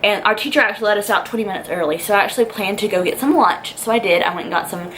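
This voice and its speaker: A woman's voice: mid-range voice, very fast, fairly bright tone, a little hiss or hum, poor audio. A young woman tells a personal story in a vlog. She rambles and fills her talk with "like" and "um". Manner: chatty and rambling, lots of "like" and "um". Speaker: vlogger.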